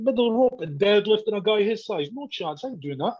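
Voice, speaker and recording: A man, a professional wrestler, telling sweary, animated stories in casual chat and acting out both sides of each exchange. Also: high-pitched, fairly quick, breathy edge. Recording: dull lo-fi audio.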